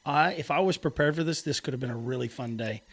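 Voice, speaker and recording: A man's voice: mid-range voice, fast, a bit bright. Laid-back man hosting a podcast. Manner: laid-back storytelling with frequent laughs. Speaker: podcast host. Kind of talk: casual chat.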